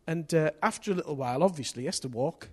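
A man preaches with a high, light voice and a storyteller's ease, tossing in casual slang. He builds to excited shouts, then drops almost to a whisper to make his point. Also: fast, breathy edge. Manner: swings from hushed to excited shouting; lively storyteller with local place names and slang. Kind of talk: sermon with storytelling.

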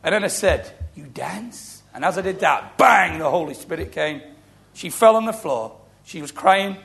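A middle-aged man delivers a sermon as a storyteller, his voice gravelly and pitched a little high for a man. He acts out the people in his stories as he goes. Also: normal speed. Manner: storytelling, animated, acting out quoted voices. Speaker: preacher. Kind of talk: sermon with testimony.

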